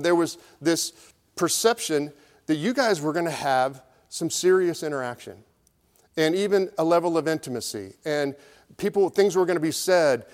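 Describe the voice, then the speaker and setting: Middle-aged male pastor, fairly high voice, easy storytelling sermon, long reverb of a church hall. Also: a little mellow. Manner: conversational, storytelling preaching with acted crowd voices.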